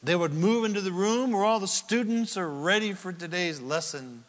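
High-voiced preacher man in a reverberant hall. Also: moderate pace. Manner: dramatic, rises to loud quoted cries then drops to near-whispers; teacherly, asks the listeners questions and answers them. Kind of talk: sermon. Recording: long reverb of a large hall.

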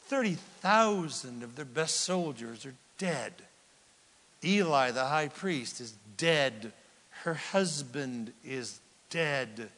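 A male pastor preaching a sermon, swinging from loud outbursts to near whispers. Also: medium pitch, lively intonation, slow pace. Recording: long hall reverb.

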